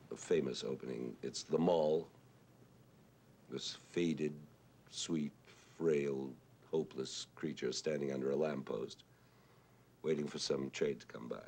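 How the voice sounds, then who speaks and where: A man with a husky voice, talking thoughtfully on television about songwriting, pausing with "uh" as he explains. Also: a bass voice, warm tone. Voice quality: husky "whiskey voice". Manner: thoughtful, pauses with "uh", explains with sung examples. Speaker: composer recalling a friend. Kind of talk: reflective televised talk.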